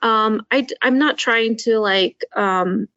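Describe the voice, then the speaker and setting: Woman panelist, earnest and measured, on muffled lo-fi audio. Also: on the high side, a bit bright, smooth, no room sound. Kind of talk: panel discussion. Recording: dull lo-fi audio.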